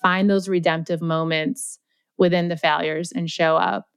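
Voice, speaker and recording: A young adult woman as a podcast guest, chatting and telling stories in a lively way, with lots of "like" fillers. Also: fairly low pitch, measured pace, gravelly, clean tone, no echo. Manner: chatty, animated, heavy use of "like". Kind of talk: casual storytelling interview.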